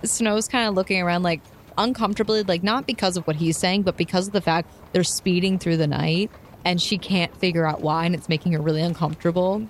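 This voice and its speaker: A young woman playing a tabletop role-playing game, narrating her character and speaking as her with lively, animated swings in pitch. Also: fairly quick, slight background noise. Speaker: player.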